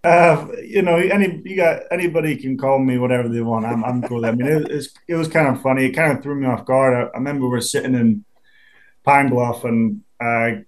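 A relaxed Scottish man in his twenties, speaking at an ordinary middle pitch. He talks easily as an interview guest, stumbles and restarts, and chuckles along the way. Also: fairly quick, a crowd in the background. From Scotland. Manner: easygoing, restarts a lot, chuckles. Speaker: professional football punter, guest. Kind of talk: casual interview.

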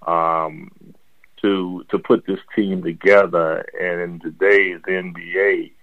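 Slow gravelly older man, low voice. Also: flat delivery, no room sound. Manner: slow, halting, with many fillers. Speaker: interview guest, former basketball player. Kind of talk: interview answers. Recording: dull lo-fi sound.

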